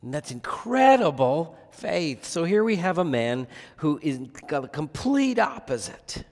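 Slow earnest preacher man in a hall. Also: fairly high pitch, big pitch swings, a little mellow. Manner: earnest, asks the listeners rhetorical questions. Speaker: pastor. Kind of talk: sermon. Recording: long reverb of a large hall.

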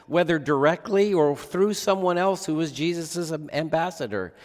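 A man's voice: on the high side, moderate pace, few pauses. A man preaching a sermon as pastor, earnest, often asking the listeners rhetorical questions. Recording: long reverb of a large hall.

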